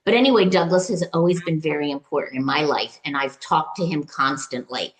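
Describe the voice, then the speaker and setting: A woman guest in an interview, telling a personal story in a halting, emotional way, with many fillers and restarts. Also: low-pitched, slight background noise. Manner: recounts dialogue in quoted voices. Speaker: retreat client, interview guest.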